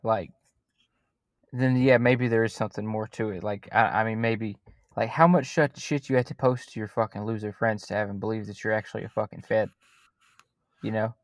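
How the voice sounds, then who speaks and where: A man's voice: fairly low pitch, fairly even intonation, normal speed, no room sound, clean studio sound. A man with a Southern US country accent, a podcast guest, who rambles in roundabout sentences and swears constantly. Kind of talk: casual podcast chat.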